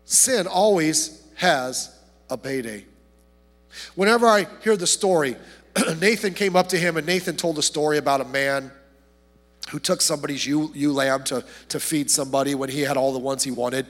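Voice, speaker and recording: High-voiced preaching man in a reverberant hall. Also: moderate pace. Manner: impassioned preaching, swings from loud to hushed, frequent repetitions. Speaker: pastor. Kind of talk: sermon.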